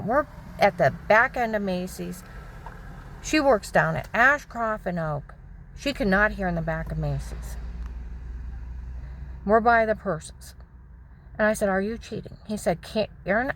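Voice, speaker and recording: A woman's voice: mid-range voice, animated, takes it slowly, vocal fry, long pauses, fairly bright tone, a little hiss or hum. A middle-aged woman vlogging, telling a personal story in a casual monologue and indignantly retelling back-and-forth dialogue.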